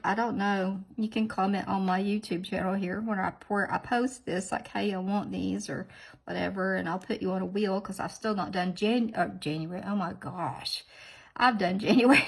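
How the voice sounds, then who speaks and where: A woman hosting a nail tutorial, chatting in a rambling, sniffly way and often dropping into soft whispered asides. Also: medium pitch, vocal fry, husky, poor audio. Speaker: nail art channel host. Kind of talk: casual tutorial chat.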